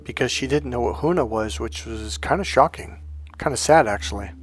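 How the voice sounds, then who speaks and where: A man's voice: medium pitch, lively intonation, a little fast. A middle-aged man coaching in a casual monologue, rambling and correcting himself as he goes, acting out breaths and sighs.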